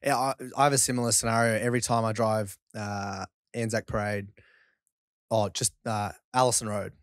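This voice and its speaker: A man's voice: lowish voice, fairly even intonation, normal speed, no room sound, studio quality. A young Australian man in his twenties, a podcast guest telling an earnest, heartfelt story in a casual way. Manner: earnest, affectionate storytelling with "mate". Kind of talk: casual chat.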